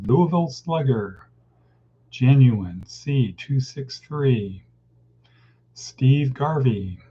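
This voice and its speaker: A man from California hosts a loose morning pep talk, wandering from one topic to the next in a folksy, rambling way. His voice is husky and mellow, and he talks slowly. The recording sounds dull and lo-fi. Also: mid-range voice. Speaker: host of a daily motivational session.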